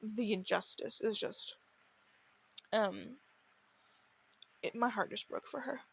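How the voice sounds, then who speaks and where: A woman's voice: fairly high pitch, slow pace, gravelly, a bit bright, breathy edge. A woman hosting a true crime podcast, telling the case in an earnest, emotional way and stumbling into restarts as she reads quotes. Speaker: podcast host.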